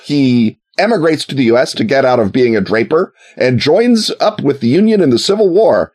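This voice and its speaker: A man telling a history story in a casual, wry way, with joking asides and quick put-on voices for quoted people. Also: mid-range voice, expressive, a little mellow.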